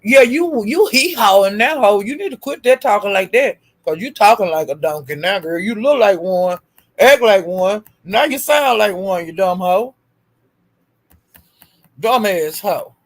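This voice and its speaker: A woman's voice: medium pitch, animated, a little slow. A woman hosting a live stream, taunting someone with profane, repetitive insults and calling out to her chat viewers by name. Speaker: livestream host.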